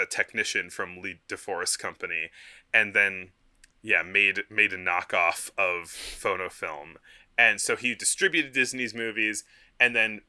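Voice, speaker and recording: Bright-voiced man chatting about films. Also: fairly low pitch. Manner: rambling, many fillers, laughs often. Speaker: podcast co-host. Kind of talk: casual film history chat.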